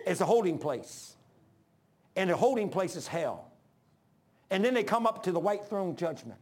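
A man preaching a sermon, emphatic, calling out to the congregation and dropping to hushed lines between loud peaks. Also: sits high, big pitch swings, moderate pace. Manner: calls for congregation responses.

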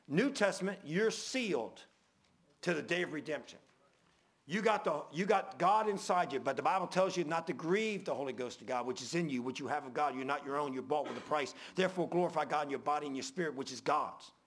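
Male preacher, gravelly and a bit high-pitched, folksy sermon delivery with loud peaks and hushed drops. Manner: folksy preaching, rising loud then dropping low and quiet.

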